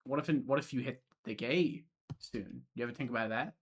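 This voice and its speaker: A man's voice: mid-range voice, a little fast. A young man streaming, reading a visual novel aloud and breaking off with joking, profane asides.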